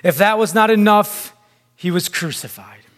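Guy preaching slow n emphatic, kinda high voice, big reverby hall. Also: a bit bright. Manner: deliberate, emphatic preaching with long pauses. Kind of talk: sermon.

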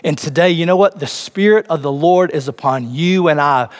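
A man delivering a sermon, his voice sitting a little high for a man. He reads scripture aloud and turns to the congregation with pointed, rising emphasis. A long reverb from the church hall trails after each phrase. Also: moderate pace. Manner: preaching with rising emphasis, addressing the congregation directly. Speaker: pastor.

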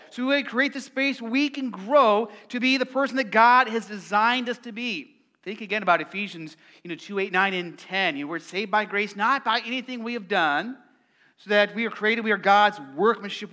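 Brief: middle-aged male preacher, very high bright voice, playful and engaging with the crowd. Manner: lively, playful, asks the congregation questions. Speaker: pastor. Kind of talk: sermon.

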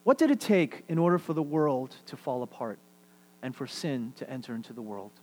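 A middle-aged man preaching a sermon as pastor, animated, swinging between loud emphasis and quiet asides and repeating phrases for emphasis. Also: medium pitch, a little fast.

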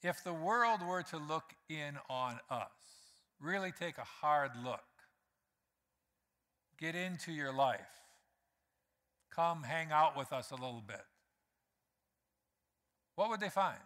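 A male pastor delivers a conversational sermon, speaking straight to his congregation and acting out the lines he quotes. His voice is bright and forceful. It rings with the long reverb of a church hall. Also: on the high side, expressive, slow pace, pauses often. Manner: conversational preaching, acts out quotes, addresses congregation directly. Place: church sanctuary.

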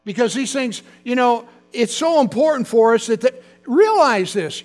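A man's voice: extremely high pitch, lively intonation, normal speed, hardly any pauses, a little mellow, long reverb tail, faint music behind. A male pastor preaching a fervent sermon, calling out to his congregation.

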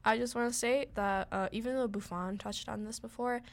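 A woman's voice: a little high, fairly even intonation, brisk, noisy background. A teenage girl from Minnesota co-hosting a casual radio chat show, rambling with lots of fillers and giggles. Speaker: co-host. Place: radio studio.

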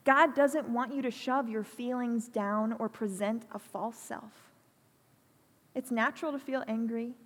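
A woman preaching a sermon in a church, earnest and pastoral, speaking slowly and deliberately. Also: on the high side, fairly even intonation. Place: church hall. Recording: long hall reverb.

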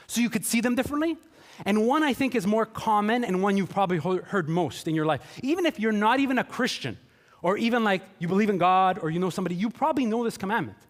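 High-voiced joking pastor in echoing hall. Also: male voice, animated, fast talker. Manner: chatty, joking, acts out quotes in playful voices. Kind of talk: sermon. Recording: long hall reverb.

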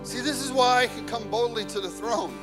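A man's voice: very high-pitched, fairly quick. A man preaching a sermon, telling personal stories and rising to fervent, passionate delivery. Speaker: pastor. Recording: music playing behind. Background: worship band instruments.

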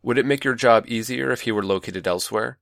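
A man playing a manipulative older male mentor, calm, patronizing and coaxing, in a dry close recording. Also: mid-range voice, fast, vocal fry, no room sound, pitched above the performer's own voice.

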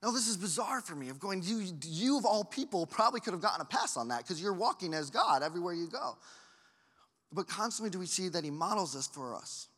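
A man, a pastor, preaching a sermon, animated and acting out the people in the story with big swings between loud and soft. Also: high-pitched, fairly quick. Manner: animated, acts out quoted voices with big swings in loudness. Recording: long hall reverb.

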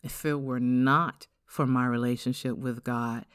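A middle-aged woman with an African-American English accent shares her personal testimony on a podcast. Her voice is smooth and resonant, recorded close and dry with no room sound. She speaks in an earnest, reflective way and slows down to stress the words that matter. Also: extremely low pitch, steady tone, no echo. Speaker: podcast host.

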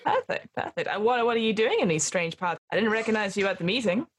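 A woman's voice: mid-range voice, expressive, quick pace, husky. A woman voicing a tall, slight young woman in a search party, chirpy and friendly, with an American accent.

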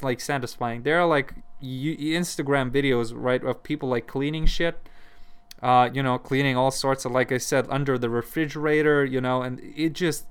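A man's voice: mid-range voice, fairly bright tone, smooth. A man at home talking casually to camera, rambling and swearing, full of fillers and restarts.

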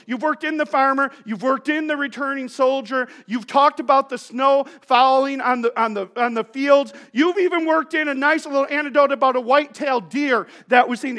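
Man with a very high voice, pastor, casual joking sermon, storytelling asides. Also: bright, forceful tone.

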